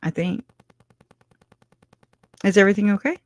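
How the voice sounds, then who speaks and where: A woman's voice: mid-range voice, lively intonation, normal speed, no room sound. A middle-aged woman hosting a casual livestream, answering viewers in chat, chatty, with frequent laughs and restarts. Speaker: livestream host reading chat.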